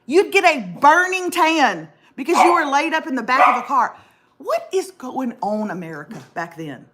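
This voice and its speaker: A middle-aged woman hosts a casual chat show. Her voice sits fairly high and swings widely as she jokes and calls her audience y'all. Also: moderate pace, very noisy. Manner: animated, jokey, addresses viewers as y'all. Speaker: host.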